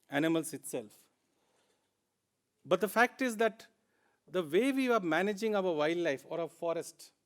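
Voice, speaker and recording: A man with an Indian English accent giving a plenary conference talk, earnest and emphatic, repeating words for stress. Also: sits high. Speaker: conference speaker.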